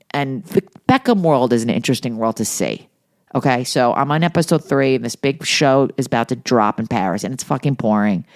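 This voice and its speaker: Woman, very low voice, lively swooping pitch, gossipy, swears freely, casual podcast chat. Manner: gossipy, profane, animated storytelling. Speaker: podcast co-host.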